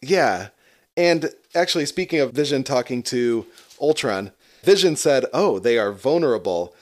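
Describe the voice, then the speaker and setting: A man's voice: medium pitch, animated, normal speed, a little mellow. A man co-hosting a casual podcast chat, laughing often and swearing freely. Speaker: podcast co-host.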